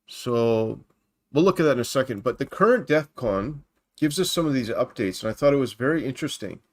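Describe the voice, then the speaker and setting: A man's voice: mid-range voice, expressive, a little fast. A man hosting a casual Christian livestream from home at his computer. He rambles as he reads news off the screen and greets viewers by name. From Canada.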